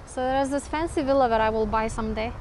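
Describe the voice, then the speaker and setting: Woman vlog host, slightly high voice, chatty and quick to laugh, outdoors with faint background noise. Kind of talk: casual chat while hiking. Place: outdoors on hillside stairs.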